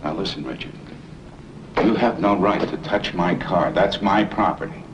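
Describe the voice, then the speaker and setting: An actor playing an older homeowner who sounds stern and commanding and sometimes swings up into pleading, in 1970s TV movie acting with a hissy old soundtrack. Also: male voice, sits low, moderate pace, highs cut off, natural voice. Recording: old TV film sound with hiss.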